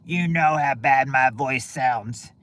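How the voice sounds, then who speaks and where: A man doing a rough-voiced old-time ballplayer. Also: medium pitch, slow, a bit bright. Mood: hearty. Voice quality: rough, hard-to-understand voice. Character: old-time male baseball star addressing a crowd.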